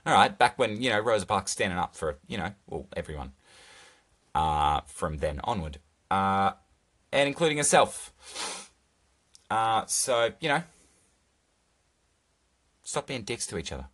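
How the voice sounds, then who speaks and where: A man's voice: on the low side, big pitch swings, unhurried, long pauses, fairly bright tone. A young man hosting a solo podcast from his phone, rambling through casual, profane chat with jokey asides. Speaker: podcast host. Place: recording alone on a phone.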